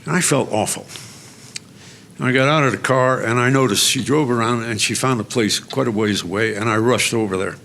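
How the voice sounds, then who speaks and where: A man's voice: medium pitch, fairly quick, vocal fry, fairly bright tone. A man giving a lecture. He tells personal stories in a chatty, self-mocking way, with asides and restarts. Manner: self-mocking storyteller, draws laughs. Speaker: guest lecturer. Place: lecture hall.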